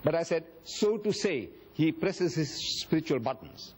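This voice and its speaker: A man's voice: fairly high pitch, animated, measured pace, slight background noise. A man from Africa, giving a public religious lecture and acting out quoted speech with dramatic storytelling. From South Africa. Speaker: Islamic lecturer.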